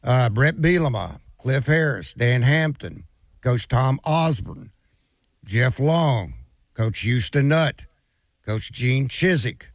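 A man's voice: medium pitch, lively intonation, slow, dry recording, studio quality. A man co-hosting a casual sports radio show, chatting and reading listener messages aloud.

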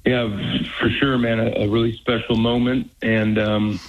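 A man, a college football head coach, talking earnestly on a radio call, halting with many restarts. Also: medium pitch, little pitch movement. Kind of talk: phone-in radio interview. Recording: tinny phone line.

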